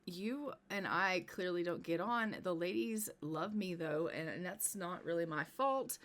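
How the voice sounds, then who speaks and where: Woman as a smug ladies' man in a life-sim game, dismissive, lowish voice. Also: a little slow, a bit bright. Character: smug self-assured man who wins the ladies.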